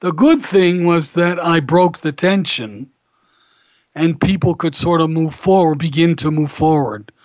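A man's voice: fairly high pitch, a little slow, dry recording. Man telling a story on radio, dry sound. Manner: warm anecdotal storyteller, animated when quoting others. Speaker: rabbi and radio show host. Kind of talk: casual radio talk and storytelling.

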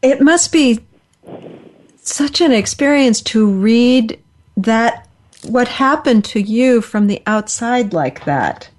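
Slow-talking, higher-voiced woman interviewer. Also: lively intonation.

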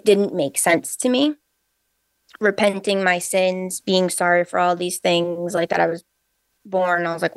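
A woman co-hosting a podcast, chatting casually and telling animated stories with plenty of quoted dialogue. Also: on the low side, clear, resonant tone, dry recording. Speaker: podcast co-host. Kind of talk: casual conversational storytelling.

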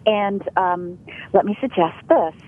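A woman's voice: medium pitch, unhurried. A woman who is a guest on a radio show, talking earnestly and coaching the listener about the voice. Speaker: guest, sound healer. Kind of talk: radio interview over the phone. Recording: tinny phone line.

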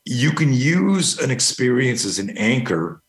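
A man's voice: mid-range voice, very animated, measured pace. A middle-aged man, a guest talking about fear management, telling a long personal story in a rambling, casual way with the odd curse. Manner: rambling, anecdotal, casual swearing. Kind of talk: storytelling interview.

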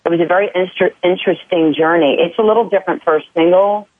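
A woman guest speaks candidly in a relaxed conversation and keeps restarting her sentences. Her voice is low and husky. It comes through a thin, tinny phone line. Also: quick pace. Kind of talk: casual chat.

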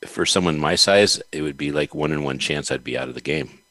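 A man's voice: very deep voice, a little fast, a bit bright, no echo. A man interviewing a guest in a casual conversation, asking curious questions and giving short encouraging replies.

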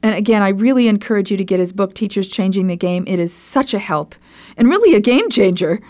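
A woman's voice: medium pitch, animated, brisk, a little mellow. Effusive woman podcast host. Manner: effusive, enthusiastic agreement. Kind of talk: podcast interview.

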